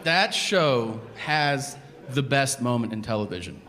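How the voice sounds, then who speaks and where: Animated man doing stand-up. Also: mid-range voice, a little slow. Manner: animated storytelling, acting out voices. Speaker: stand-up comedian. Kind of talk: stand-up comedy routine. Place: theater stage before a live audience. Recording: echoey venue with audience noise. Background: audience laughter.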